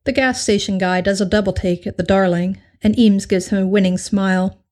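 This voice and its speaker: A woman reading a piece of fan fiction aloud as narrator, in an even storytelling manner. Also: mid-range voice, fairly quick. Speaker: story reader.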